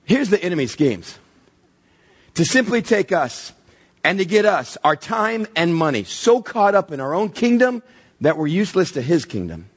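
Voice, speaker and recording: A man's voice: sits high, moderate pace, breathy edge. A middle-aged man preaching a sermon as pastor, telling stories and acting out voices as he goes. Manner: animated storytelling with acted-out voices.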